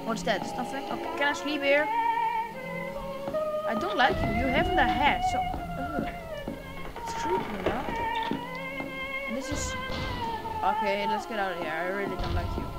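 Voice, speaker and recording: Jumpy high-voiced woman playing a horror game. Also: wildly swooping pitch, normal speed, pauses often. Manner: jumpy, swears a lot, yells at enemies. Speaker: gameplay streamer. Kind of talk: horror game let's play commentary. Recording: loud game music behind the voice.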